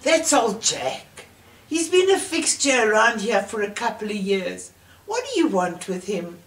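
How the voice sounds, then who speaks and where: A woman's voice: a little high, very animated, unhurried. A woman plays a no-nonsense policeman, blunt and firm. He is heard from far off in a large, echoing room. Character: gruff male police officer, practical and firm. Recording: roomy church sound from far off.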